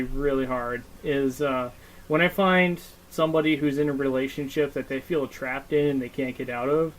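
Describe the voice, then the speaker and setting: A man's voice: mid-range voice, rough recording. A young man co-hosting a podcast, telling stories in casual chat, swearing freely and using lots of fillers. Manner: profane, storytelling with lots of fillers. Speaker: podcast co-host.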